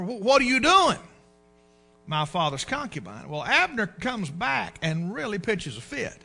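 A man preaching a sermon, folksy and animated, acting out the voices in the scripture he reads. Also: sits high. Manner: animated preaching, acts out quoted speech, folksy.

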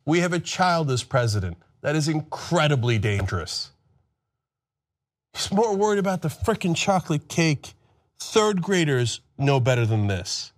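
A man's voice: on the high side, sing-song, measured pace. A man hosting political commentary, ranting sarcastically and mocking others in put-on voices.

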